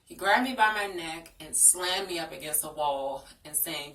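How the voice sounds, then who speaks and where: A woman's voice: deep voice, normal speed, a bit bright. A young woman telling a personal story in a frank, earnest storytime vlog. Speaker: vlogger. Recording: echoey room, distant from the mic.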